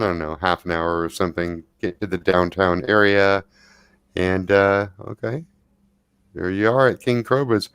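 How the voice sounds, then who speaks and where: A man running a tabletop game, narrating scenes with a relaxed delivery and easy filler words. His voice moves around a lot in pitch. The sound is dry and close, with no room echo. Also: clear, resonant tone. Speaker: game master.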